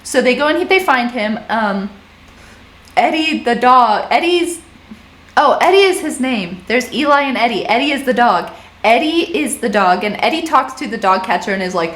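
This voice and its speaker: A woman's voice: medium pitch, normal speed, a bit bright, roomy sound. A young woman vlogger casually recapping movies, rambling and chatty with many fillers.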